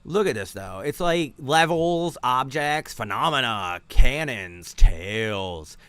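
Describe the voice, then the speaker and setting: Brief: irritated podcast host, foul-mouthed, casual, pitch jumping all over. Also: male voice, animated, slow, fairly bright tone, smooth, no room sound. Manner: profane, irritated ranting. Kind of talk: casual ranting commentary.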